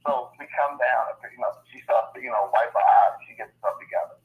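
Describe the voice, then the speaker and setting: A man's voice: medium pitch, a little fast, slight background noise. A man in his fifties casually telling a family story on a group call, acting out quotes with lots of fillers. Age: 50s. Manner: animated storyteller, acts out quotes, many fillers. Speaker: mastermind call participant. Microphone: phone. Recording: phone-line audio.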